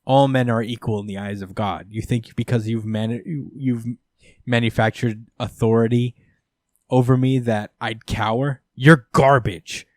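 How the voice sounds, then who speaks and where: Defiant blind vigilante Daredevil, as a man reads him out, with low, even, quietly threatening delivery. The pitch sits in the middle of the male range. The recording is close and dry, with no room sound. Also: moderate pace, dry recording, lightly acted.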